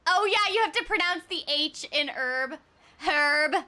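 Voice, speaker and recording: A woman's voice: very high voice, lively intonation, normal speed, bright, forceful tone. A woman voice actor chatting casually while streaming a game, giggly and full of "like"s. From United States. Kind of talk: casual chat while playing.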